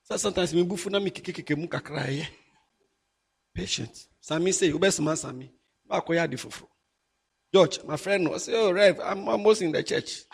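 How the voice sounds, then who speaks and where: A middle-aged man with a Ghanaian accent, preaching a sermon as a pastor, animated and mixing English with Twi. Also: high voice, normal speed, vocal fry, breathy edge.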